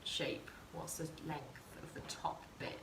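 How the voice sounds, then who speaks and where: Speaking at a slow pace over some background noise, a woman craft tutor gives a live sewing demonstration. She keeps it chatty and encouraging, addressing her viewers in chat, in a room with noticeable echo and faint ambience.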